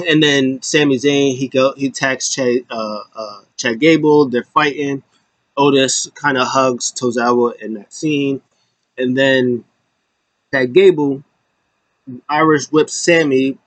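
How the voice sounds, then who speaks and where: A man's voice: mid-range voice, dry recording. Chatty man recapping wrestling. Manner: rambling, animated retelling full of fillers. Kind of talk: casual recap chat.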